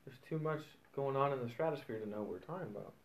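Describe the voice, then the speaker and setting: A man's voice: medium pitch, animated, quick pace. A man co-hosting a podcast, trading playful, quippy comebacks in casual chat. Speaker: podcast co-host.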